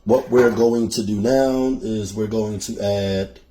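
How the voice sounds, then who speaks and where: A man's voice: lowish voice, fairly even intonation, slow, background noise. A man with a Philadelphia accent hosting a cooking show, talking viewers through a recipe in a chatty, casual way and calling them "y'all.". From Philadelphia, USA.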